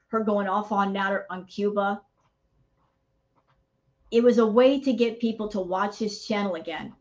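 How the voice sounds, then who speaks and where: A woman's voice: mid-range voice, dull audio. A woman hosting a reaction channel, ranting in heated commentary and calling her viewers y'all.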